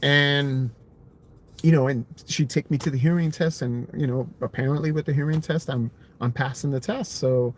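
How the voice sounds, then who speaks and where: Slight background noise accompanies this vlogger, a man in his thirties, as he casually tells his hearing story on a live stream. His medium-pitched voice keeps a fairly even intonation and moderate pace, though he rambles with many fillers and false starts.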